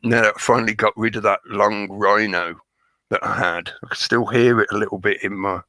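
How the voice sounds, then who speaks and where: A man hosting a live stream, his voice hoarse and crackly as he chats and jokes with viewers by name. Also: fairly low pitch, steady tone, a little fast, pushed and bright, dry recording. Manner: chatty, joking, greets viewers by name. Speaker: livestream host. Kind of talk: rambling live-stream chat.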